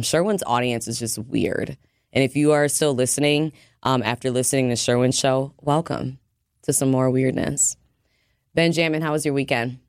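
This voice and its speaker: A woman hosting a radio show, talking in a chatty, teasing, animated way. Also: very deep voice, no room sound, studio quality. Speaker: radio host. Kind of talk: casual radio talk.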